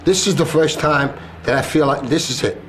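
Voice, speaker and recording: A man's voice: fairly high pitch, moderate pace, a bit bright, a little hiss or hum. Emotional firefighter telling his story. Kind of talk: recounting in an interview.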